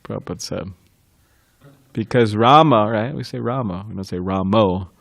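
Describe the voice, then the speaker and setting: A man giving a devotional class, recounting a memory with frequent chuckles and halting restarts. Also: fairly low pitch, vocal fry, no room sound. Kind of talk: reminiscing in a scripture class.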